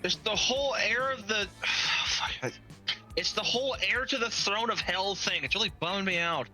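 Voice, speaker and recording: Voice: mid-range voice, normal speed, bright, forceful tone, soft background music. A player reading aloud as a moody young demon prince who sulks about his duties, with a groaning, exasperated delivery. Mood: sulky.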